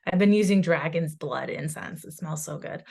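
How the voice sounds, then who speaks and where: Low-voiced animated woman medium. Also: creaky, husky. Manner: animated, rambling, quick asides with laughs. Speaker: psychic medium. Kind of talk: casual chat.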